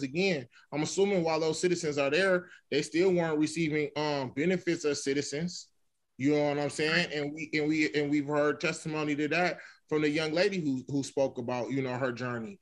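A man co-hosting a podcast, earnest and worked up, asking rhetorical questions and repeating himself. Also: a little high. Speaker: podcast co-host. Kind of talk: casual discussion.

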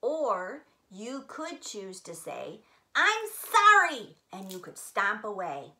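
A middle-aged woman giving a gentle Bible lesson to children, speaking slowly and warmly to her young listeners. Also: mid-range voice. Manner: slow, gentle, animated talk to children.

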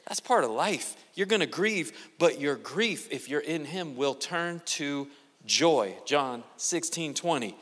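A man preaching a sermon as a guest pastor, animated and quick to joke with the congregation. His voice sits a little high and rings bright and forceful. It trails off into the long reverb of a large church hall. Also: husky. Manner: animated and joking, with playful asides to the congregation. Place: church sanctuary.

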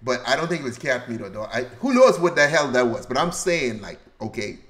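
A man from the Bahamas hosts a loose livestream and reads viewer comments aloud. His voice sits at an ordinary middle pitch, and he talks in a joking, slangy way, laughing often. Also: very animated, fairly quick, fairly bright tone. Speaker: livestream host. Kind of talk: casual livestream chat reading viewer comments.

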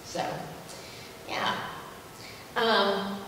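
A woman's voice: mid-range voice, level tone, very slow, sharp tone, a little hiss or hum. Chatty woman teaching scripture, echoey. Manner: conversational and enthusiastic, with many fillers. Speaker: church leader teaching a Bible passage. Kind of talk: informal Bible teaching in a church service. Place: church sanctuary. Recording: echoey hall from far off.

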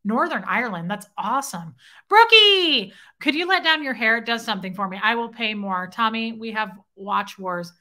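This livestream host has a fairly high-pitched, pushed and bright voice with lively intonation at normal speed. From home, she casually retells a story with animation and thanks viewers by name.

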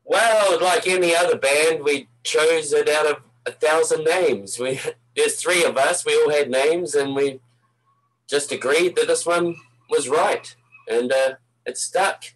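Easygoing New Zealand man, halting speech. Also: on the high side, fairly bright tone, rough recording. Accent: New Zealand, softened by years in Canada. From Napier, New Zealand. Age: older. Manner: hesitant, many ums and uhs, easygoing. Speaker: band musician, guest. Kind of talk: casual interview.

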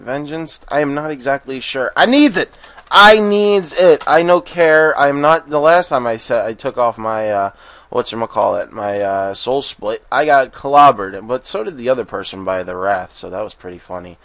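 A man giving casual gameplay commentary, excitable and profane, often bursting into rapid panicked strings of "no" and laughing. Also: medium pitch, dry recording. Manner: swears freely and laughs often. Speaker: game commentator.

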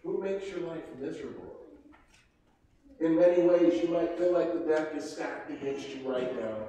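A man's voice: a little high, normal speed, dark tone, slight background noise. A man preaching a sermon as pastor, asking the congregation questions as he goes. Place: large church sanctuary. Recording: echoey hall from far off.

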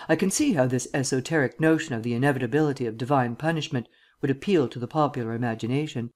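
A male audiobook reader voicing a witty, condescending gentleman detective with an airily superior, drawling manner. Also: medium pitch, quick pace, lightly acted. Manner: drawling, airily superior, archaic upper-class phrasing. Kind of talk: audiobook character reading.

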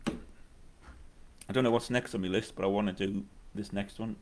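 A man's voice: on the low side, fairly even intonation, unhurried, a little mellow, a little hiss or hum. A middle-aged man, chatting casually and wryly between songs as a musician hosting his own live stream. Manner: rambling, wry and self-mocking. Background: acoustic guitar.

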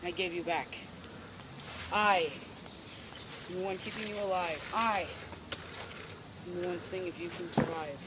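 A young man playing a menacing mysterious stranger in the woods, speaking slow and threatening in an amateur outdoor video drama. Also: high voice, steady tone. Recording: outdoor camera mic with noise.

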